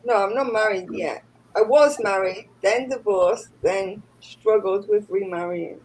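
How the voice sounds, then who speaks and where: A woman's voice: mid-range voice, a little slow, a little mellow, a little hiss or hum, rough recording. A woman in her thirties chatting on a podcast in a blunt, matter-of-fact way. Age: 30s. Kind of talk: casual chat.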